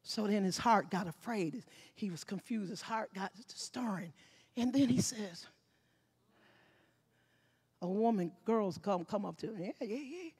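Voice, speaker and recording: A woman pastor, preaching a lively sermon, acting out scenes and often shouting. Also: medium pitch, unhurried, long pauses, breathy edge. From Mississippi.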